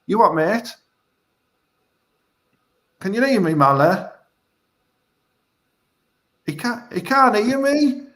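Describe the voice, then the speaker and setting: Teesside bloke, raised pitch, rambling and crude, hosts a live stream from home. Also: male voice, big pitch swings, slow pace, long pauses, fairly bright tone. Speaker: host of a live online comedy show.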